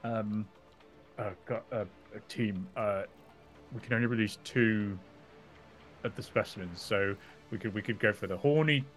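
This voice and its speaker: A player in a tabletop game who speaks in a lively, hesitant way over faint music. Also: mid-range voice, normal speed, pauses often. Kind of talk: casual chat.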